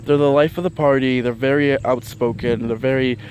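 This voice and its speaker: A man's voice: medium pitch, fairly even intonation, fairly quick, a little mellow, slight background noise. A man chatting casually about astrology in a vlog, rambling with lots of fillers and restarts and often breaking into laughter between points. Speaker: vlogger.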